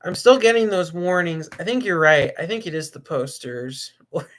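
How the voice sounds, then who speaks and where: Male stream host, somewhat high, bright tone, loose and jokey, rambling chat. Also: normal speed. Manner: rambling and jokey, with frequent laughs and restarts. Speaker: livestream host. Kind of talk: casual livestream chat.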